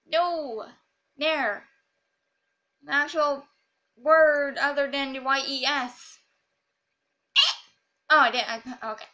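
A woman's voice: high voice, bright, forceful tone. A woman rambling and joking through casual gameplay commentary. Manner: rambling, silly and jokey. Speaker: gamer.

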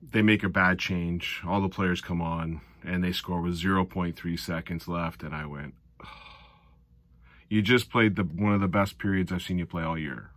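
A middle-aged man giving a casual recap of a hockey game, animated and sarcastic, often exasperated. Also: low-pitched, moderate pace, dry recording. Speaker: hockey fan commentator.

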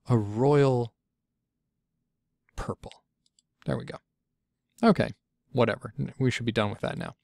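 A man walks through a software tutorial in an easygoing, chatty way, thinking aloud and catching his own slips as he goes. His voice has a gravelly, creaky edge at an ordinary middle pitch. The sound is dry and close, with no room around it. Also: dry recording. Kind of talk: casual screencast walkthrough.

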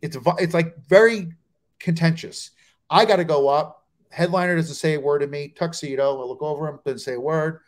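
As a guest on a comedy talk show, a middle-aged New Jersey comedian shares road stories at a moderate pace in a fairly high voice. He tells them with animation, impersonating the people he quotes.

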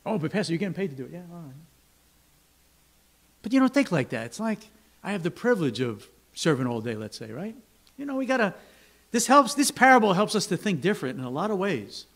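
A man's voice: high voice, very animated, a little fast, pauses often, fairly bright tone. A man preaching as pastor, conversational, often checking in with his listeners and acting out complaining workers. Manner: conversational, asks the congregation "right?" often; acts out grumbling workers with raised voice. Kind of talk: sermon. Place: church sanctuary.

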